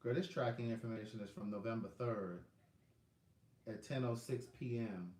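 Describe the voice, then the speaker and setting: In an echoey room, a man with a Southern US accent hosts a relaxed book-selling live stream. He rambles, calls out viewers by name, and checks his phone, speaking at normal speed in a medium-pitched, slightly mellow voice.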